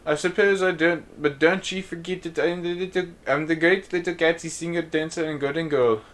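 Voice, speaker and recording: A man's voice: mid-range voice, fairly even intonation, fairly quick, natural voice. A man reading the lines of an elderly woman singer who dresses and talks like a little girl, in a childlike, pleading way. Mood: cheerful.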